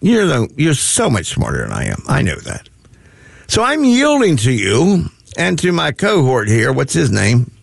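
A man rambles through folksy radio banter with a grumpy, self-mocking streak. His pitch jumps all over the place and his voice has a gravelly edge. The studio sound is dry and close. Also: huge pitch swings, unhurried, dry recording. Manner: self-mocking curmudgeonly rambling with many restarts. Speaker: radio talk show host.

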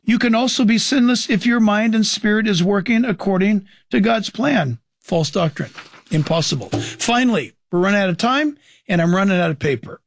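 A man's voice: high voice, animated, normal speed, a little hiss or hum. A man critiquing preachers' teachings in an emphatic way, asking his own questions and answering them. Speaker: Christian commentator.

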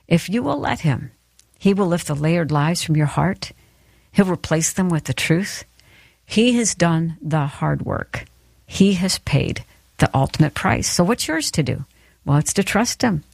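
Woman preaching a devotional, low-ish voice, earnest and encouraging, dry close sound. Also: creaky, darkish tone, no room sound. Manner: earnest, encouraging, directly addressing listeners. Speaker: speaker. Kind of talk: sermon-style devotional talk.

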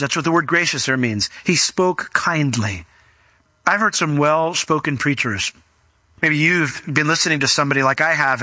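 A man's voice: fairly high pitch, sharp tone, dry recording. A man preaching a conversational, emphatic sermon as a pastor, explaining scripture to his congregation.

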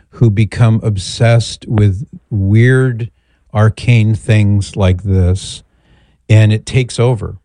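A middle-aged man hosting a call-in show, answering a caller in a measured, thoughtful way with rambling asides. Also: lowish voice, warm tone, no room sound. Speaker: radio show host. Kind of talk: call-in advice talk.

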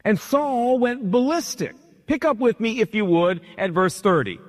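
A man's voice: high voice, animated, normal speed, big-room sound. A man preaching a sermon as pastor, with an emphatic, repetitive cadence.

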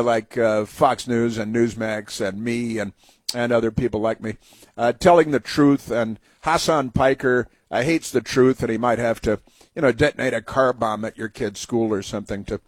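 A man's voice: mid-range voice, no room sound. Sarcastic rambling talk-radio man. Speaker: radio host. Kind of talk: political talk radio commentary.

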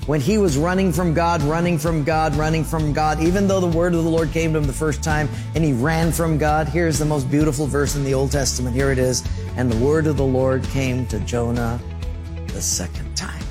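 A middle-aged male pastor preaching a sermon, telling lively stories with sound effects and acted-out quotes. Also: on the high side, normal speed, big-room sound, over music.

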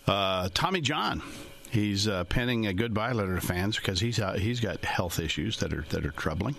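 Gravelly, animated folksy man. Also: sits low, slight background noise. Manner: folksy and rambling, with chuckles. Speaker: financial services commentator. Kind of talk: casual monologue to listeners.

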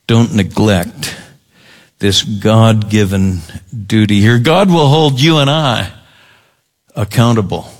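A man preaching a sermon as pastor, deliberate and emphatic, often repeating key words. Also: fairly low pitch.

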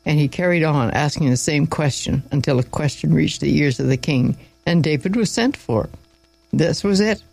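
A man's voice: on the high side, moderate pace, creaky, darkish tone, faint music behind, rough recording. A man reading a Bible story aloud in an informal way, with small slips and asides along the way.

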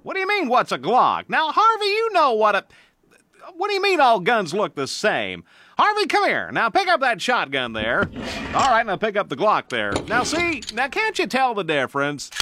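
Actor as a folksy country gun seller for a radio ad, highish and sharp. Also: male voice, wildly swooping pitch, moderate pace, heavily acted. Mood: exasperated. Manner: folksy, exasperated with a sidekick. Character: folksy country man sorting old guns.

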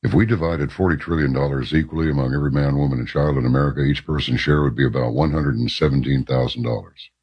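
A man's voice: extremely low pitch, fairly even intonation, quick pace, hardly any pauses, breathy edge, dull audio. A man hosting a talk radio show, reading an article aloud and adding wry asides.

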